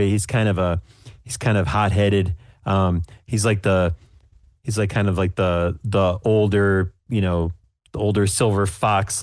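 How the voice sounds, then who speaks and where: A man runs a tabletop game as game master, low-pitched and relaxed. He rambles with plenty of fillers. The recording is dry and close. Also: no echo.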